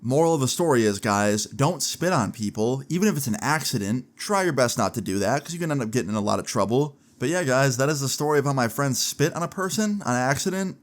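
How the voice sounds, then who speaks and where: A young man casually telling a story on his vlog, chatty and full of "like" fillers. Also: mid-range voice. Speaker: vlogger.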